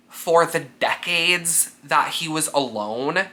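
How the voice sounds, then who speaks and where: A man in a casual reading vlog, talking in a bright, forward tone. He swears freely and fills his talk with fillers. He gushes with feeling, always close to tears. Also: mid-range voice, moderate pace. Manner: animated and sweary, filler-heavy; emotionally gushing, near tears. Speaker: book vlogger.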